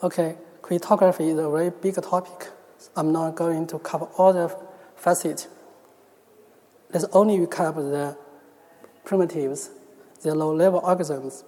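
A man from China, speaking English as a second language with a Chinese accent, giving a careful, measured technical talk at a conference. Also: a little high, fairly even intonation, mellow. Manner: careful, measured delivery with small restarts. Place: large conference hall. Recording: long hall reverb.

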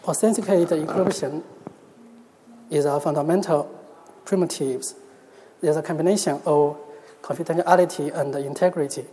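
A man from China, speaking English as a second language with a Chinese accent, giving a careful, measured technical talk at a conference. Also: fairly high pitch, fairly even intonation, dark tone, slight background noise. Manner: careful, measured delivery with small restarts. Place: large conference hall. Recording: long hall reverb.

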